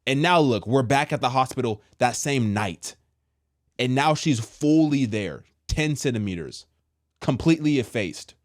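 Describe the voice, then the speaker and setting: Animated man telling a personal story. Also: mid-range voice, measured pace, no room sound, studio quality. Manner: animated, acts out quotes with slang. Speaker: storyteller sharing a testimony.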